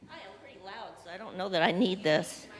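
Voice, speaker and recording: A woman telling a chuckling anecdote at a memorial service. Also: medium pitch. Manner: slow, lively storytelling, chuckling. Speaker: memorial speaker. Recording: echoey hall with long reverb.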